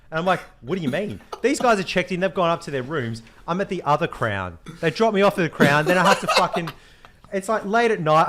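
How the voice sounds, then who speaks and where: A man's voice: on the high side, noisy background. A young Australian man from Western Australia, co-hosting a podcast and telling stories with lots of swearing and animation. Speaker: podcast co-host. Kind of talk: casual chat.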